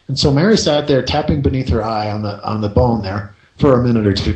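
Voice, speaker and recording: A man's voice: mid-range voice, fast talker. Man hosting a coaching radio show, echoey. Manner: lively storyteller, rhetorical "right?" asides. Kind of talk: storytelling radio talk.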